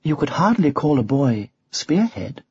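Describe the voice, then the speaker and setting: A man voicing a gentle, affectionate young wife in a storybook, speaking softly in his own voice. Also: fairly high pitch, very animated, measured pace, muffled recording, a little hiss or hum. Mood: tender.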